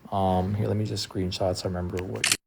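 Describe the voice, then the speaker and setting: A tired man talking casually on a live stream from a friend's house, soft-spoken and trailing off with lots of fillers. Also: sits low, level tone, fast talker, creaky, very noisy. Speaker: livestreamer.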